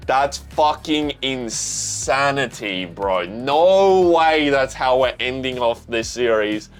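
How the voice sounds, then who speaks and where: An excitable young Australian man talks through a manga chapter as he reads it, swearing freely and dropping "bro" into his sentences. His voice sits at an average pitch for a man, and quiet music plays faintly under him. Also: slow. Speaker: manga reaction channel host. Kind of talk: excited reaction commentary.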